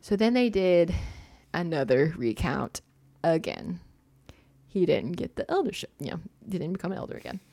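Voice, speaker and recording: A woman's voice: lowish voice, big pitch swings, moderate pace, creaky, mellow, no echo. A young woman telling a personal story in casual chat, full of "like" and little laughs. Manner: chatty, heavy use of "like", laughs often.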